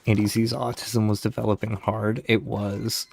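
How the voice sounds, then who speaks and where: Low-voiced man telling stories. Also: level tone, moderate pace, creaky, a little mellow, breathy edge. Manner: rambling, swears freely, laughs at own stories. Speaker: streamer. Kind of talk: casual storytelling to live chat.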